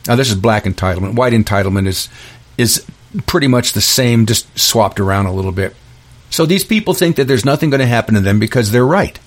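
A man hosting a solo podcast, delivering an angry ranting monologue full of restarts and repeated words. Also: mid-range voice. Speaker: podcast host.

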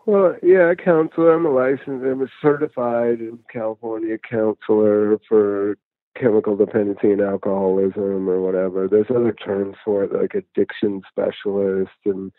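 A man in his fifties with a lowish voice talks down a tinny phone line, rambling through his story with plenty of restarts. The line is dry and narrow, like a call patched into a radio show. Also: steady tone, normal speed, no echo. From United States. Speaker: guest, addiction counselor and musician. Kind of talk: casual interview over phone.

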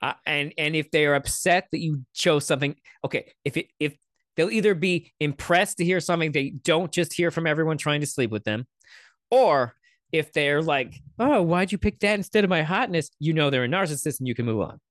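Sarcastic, swearing man with a high voice. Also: a little fast, a bit bright, no room sound, studio quality. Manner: profane, rambling, sarcastic asides. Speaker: commentary host. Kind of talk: casual reaction commentary.

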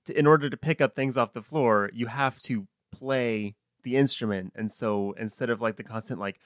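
A man's voice: mid-range voice, normal speed, dry recording, studio quality. A man co-hosting a comedy podcast, riffing playfully on silly ideas and laughing often. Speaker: podcast co-host. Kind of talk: comedic brainstorming chat.

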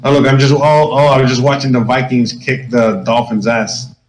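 A man's voice: mid-range voice, fairly even intonation, moderate pace, echoey room, poor audio. A man co-hosting a casual political chat, rambling and swearing, with a lot of fillers. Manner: rambling, profane, many fillers. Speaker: podcast co-host.

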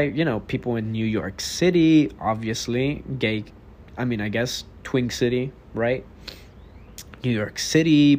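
An eighteen-year-old man from Texas hosting his own podcast, talking alone in a rambling, blunt, profane way. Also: mid-range voice. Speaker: podcast host. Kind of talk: casual solo podcast monologue.

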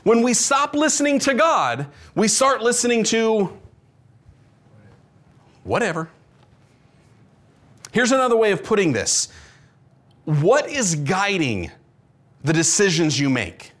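A man preaching a conversational sermon as a pastor, animated and full of rhetorical questions. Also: sits high, takes it slowly, pauses often.

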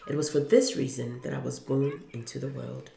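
A woman doing an earnest gentle savior, softly spoken. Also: rumbling low, normal speed, creaky, pitched below the performer's own voice, full character voice. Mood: pleading. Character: calm suffering man, gentle savior. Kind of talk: storybook reading. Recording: roomy echo.

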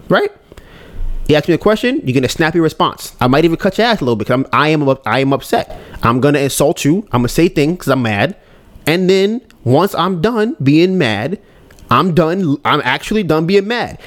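Rambling openly about how he deals with his anger, this solo podcast host acts out his own thoughts in casual talk. He speaks a little fast, with an animated, slightly high voice.

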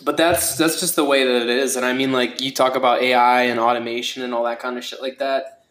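A young man talks through a casual solo podcast in a loose, rambling way. He swears often and leans on fillers as he talks. His voice has a mid pitch and echoes off the room around him. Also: level tone, a little fast, a bit bright. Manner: rambling, profane, with many fillers. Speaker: podcast host.

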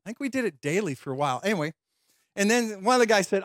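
Male pastor, high-pitched and animated, telling a story in a sermon, dry close sound. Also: quick pace, dry recording. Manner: animated, laughing storyteller acting out voices.

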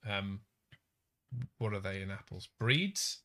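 A man in relaxed co-host banter who teases dryly and swears without a second thought. His voice is bright and pushes forward. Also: deep voice, takes it slowly. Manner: dry, teasing, swears freely. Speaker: podcast co-host. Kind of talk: casual banter.

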